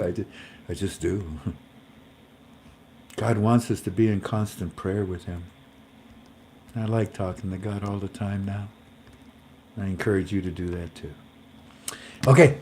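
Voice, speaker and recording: A man's voice: fairly low pitch, dark tone, slight background noise. A man hosting a casual, faith-based livestream in a folksy, rambling way, talking to his viewers as family. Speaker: host.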